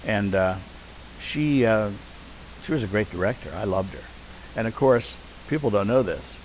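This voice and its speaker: A man's voice: lowish voice, moderate pace, slight background noise, poor audio. Older man telling theater stories. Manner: anecdotal, animated when quoting people. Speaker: interview guest, veteran community theater actor. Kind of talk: reminiscing conversation.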